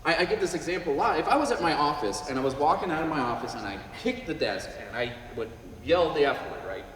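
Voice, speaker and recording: Man, higher voice, lively, joking guest speaker, distant echoey hall. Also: slight background noise. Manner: animated, joking, acts out quick voices. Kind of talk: luncheon talk on listening skills. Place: event hall at a luncheon.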